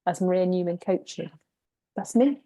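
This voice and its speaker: A woman's voice: on the low side, expressive, moderate pace, dark tone. A middle-aged woman, a coach and podcast guest, chatting casually in a self-deprecating way. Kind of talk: casual chat.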